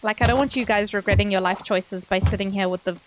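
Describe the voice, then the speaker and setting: A woman VTuber streaming a game in casual live commentary, excitable and squealing, swearing freely into a desk microphone. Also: medium pitch, fast talker, noisy background.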